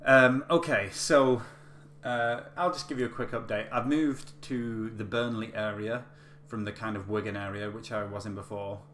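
Chatty low-voiced man, echoey room. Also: steady tone, moderate pace, fairly bright tone. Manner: chatty, rambling with many fillers and restarts. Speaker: vlogger. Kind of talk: casual storytelling. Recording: echoey room with faint hum.

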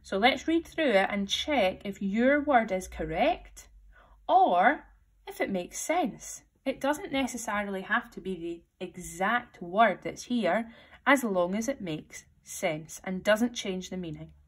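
A woman's voice: mid-range voice, animated. Primary teacher, woman, storybook read-aloud, patient step-by-step delivery. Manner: slow, step-by-step instructions. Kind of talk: reading aloud and giving class instructions.

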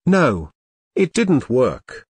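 A man voicing a fed-up computer user in a fan-made cartoon, talking in a flat, deliberate way. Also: mid-range voice, husky, no room sound, full character voice. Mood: deadpan.

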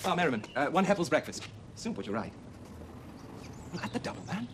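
An actor playing a charming, teasing gentleman with a jovial, theatrical manner in a 1970s period drama. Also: on the high side, sing-song, a little fast. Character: charming upper-class Edwardian gentleman. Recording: hissy old TV soundtrack.

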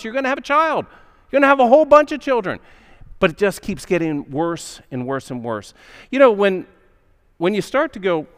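A man's voice: high voice, fairly bright tone. A male pastor preaching a sermon in a conversational storytelling manner, acting out the characters' voices. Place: church sanctuary. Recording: long hall reverb.

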